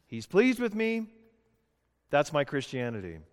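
A man preaching a sermon, emphatic and conversational, building to loud rhetorical questions. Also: a little high, huge pitch swings, unhurried. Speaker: pastor. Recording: long hall reverb.

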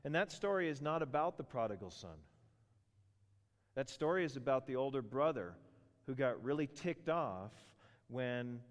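A middle-aged man preaching a sermon, telling stories with animated asides and funny voices for characters. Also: mid-range voice, moderate pace. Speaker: pastor. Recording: long reverb of a large hall.

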